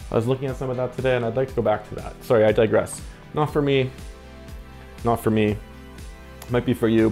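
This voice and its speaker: A man's voice: mid-range voice, dark tone. A young man rambling casually to camera as he reviews a film stock, cutting himself off and blaming too much coffee. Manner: rambling, self-interrupting, jittery from coffee. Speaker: film photography vlogger.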